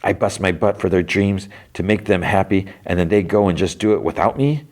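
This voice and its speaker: A man's voice: deep voice, a little fast, darkish tone, close to an everyday voice. A man voicing an upset young cartoon heroine in a raised, whiny tone while retelling a scene. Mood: resentful.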